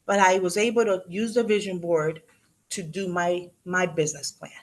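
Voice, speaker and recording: A woman in her fifties giving a motivational talk to a live audience, telling animated stories, acting out what people said and dropping in Spanish words. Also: on the low side, normal speed. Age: 50s. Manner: animated storyteller, acts out quotes, mixes in Spanish. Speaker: real estate agent and motivational speaker.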